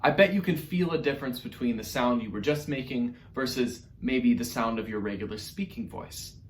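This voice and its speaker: A man's voice: mid-range voice, normal speed. A man teaching an online music lesson to young children, upbeat and encouraging as he speaks straight to the kids. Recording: roomy echo with faint music.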